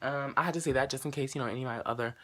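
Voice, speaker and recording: A young male vlogger, late teens, fires off a profane, animated story to the camera at a rapid clip over heavy background noise. He acts out both sides of the dialogue, his pitch and loudness leaping suddenly.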